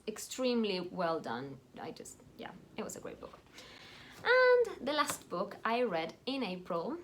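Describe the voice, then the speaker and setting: A woman's voice: mid-range voice, a little hiss or hum. A woman chatting enthusiastically as a book vlogger, reviewing her recent reads with fillers and asides. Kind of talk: casual book review chat.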